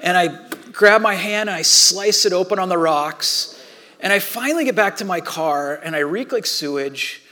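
A man preaching a sermon in a conversational way, swinging between loud and hushed. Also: high voice, moderate pace. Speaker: pastor.

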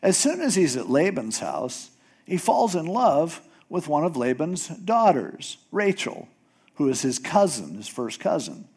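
A man preaching a sermon, retelling a story in a casual, animated way. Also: on the high side, unhurried, breathy edge. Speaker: pastor.

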